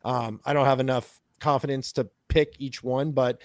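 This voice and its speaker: A man's voice: mid-range voice, steady tone, normal speed, no echo, clean studio sound. Man hosting a casual sports podcast. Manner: runs the segments, hesitant restarts. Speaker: podcast host.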